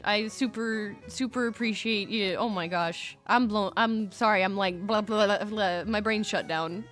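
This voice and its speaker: On a live stream, a young woman talks to her viewers in a casual, bubbly way, gushing and somewhat scattered. Her voice runs on the high side and sounds a bit bright.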